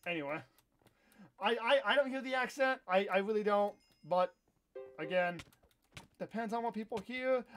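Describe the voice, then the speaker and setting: A young man from Iowa in his twenties, hosting a live gameplay stream and chatting in a rambling way, with sudden loud outbursts when the game goes wrong. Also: high-pitched. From Iowa, USA. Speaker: livestream host. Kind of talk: casual live gameplay chat.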